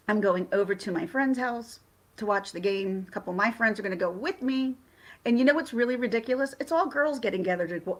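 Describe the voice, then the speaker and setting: A woman hosting a casual livestream, chatting excitably and rambling with frequent restarts. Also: mid-range voice. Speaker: livestream host.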